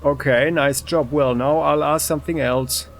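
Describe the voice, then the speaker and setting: A man hosting a let's play, giving relaxed game commentary and reading game text aloud. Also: a little high, normal speed, slight background noise. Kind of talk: casual gameplay commentary.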